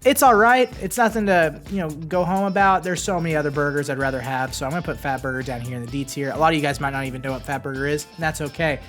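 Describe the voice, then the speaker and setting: A man ranking fast food in a casual vlog, brash and playfully combative, swinging between loud jabs and muttered asides. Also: on the high side, steady tone, soft background music.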